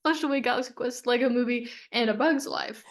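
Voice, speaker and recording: A woman co-hosting a casual chat, giggling and chiming in with quick agreement. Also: fairly high pitch. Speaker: podcast co-host.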